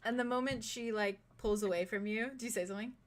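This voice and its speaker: A woman's voice: fairly high pitch, steady tone, quick pace. Giggly woman running a tabletop game. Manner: chatty and giggly, full of fillers and swearing. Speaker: game master.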